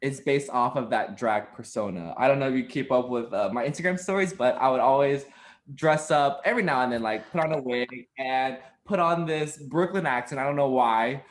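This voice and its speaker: A man in his twenties talks as a podcast guest, telling stories with animated energy and ready laughter. His pitch sits in an ordinary middle range. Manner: animated storyteller, quick to laugh. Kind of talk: casual interview chat.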